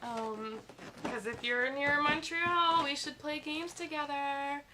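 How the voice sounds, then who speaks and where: A woman lies in bed at home, ill and a bit stuffed up, hosting a casual livestream on her phone and reading out comments from viewers. She speaks slowly in a high, steady voice over some background noise.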